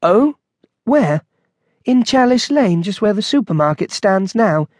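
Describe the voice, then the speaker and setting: A man voicing a chatty middle-aged wife, talking in a brisk, gossipy way. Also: high-pitched, sing-song, darkish tone, no echo, studio quality, voice pushed up.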